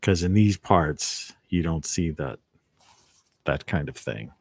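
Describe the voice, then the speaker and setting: A man's voice: a bass voice, animated, slow, breathy edge. A man hosting a casual live stream from home, rambling and reflective, often trailing off mid-thought. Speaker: live video host.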